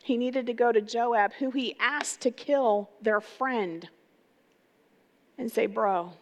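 A woman's voice: on the high side, takes it slowly. Woman preaching in a reverberant hall. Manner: energetic, conversational, asks the crowd rhetorical questions. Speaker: pastor. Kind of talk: sermon. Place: church sanctuary. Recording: long reverb of a large hall.

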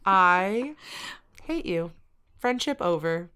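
A woman's voice: lowish voice, animated, slow, pushed and bright, smooth. A woman co-hosting a podcast, trading dry, sarcastic banter in casual chat. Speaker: podcast co-host.

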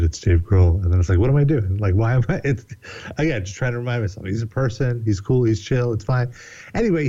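Mellow-voiced guy on a podcast, rambly and swears a lot, kinda dull sound. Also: mid-range voice. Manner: rambling, animated, swears often, laughs a lot. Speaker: podcast guest. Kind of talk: casual storytelling.

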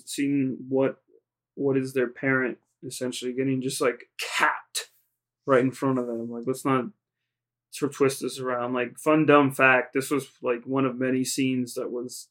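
A male podcast co-host with an ordinary middle-pitched voice, talking fast and loose. He circles his points, restarts, and acts out characters' lines as he retells a plot. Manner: rambling, heavy use of "like", retells scenes in quoted voices. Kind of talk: casual recap chat.

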